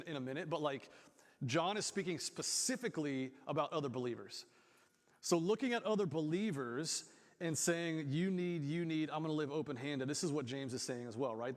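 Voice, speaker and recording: A man gives a sermon in a church, talking in a loose, conversational way and slipping into quoted voices. His voice sits a little high for a man. The sound carries a long reverb from the hall. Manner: casual, conversational, acts out quotes. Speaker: pastor.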